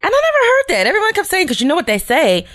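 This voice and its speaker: A woman co-hosting a podcast in casual chat, animated and profane, jumping in with her own side of the story. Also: very high-pitched, very fast. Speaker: podcast co-host.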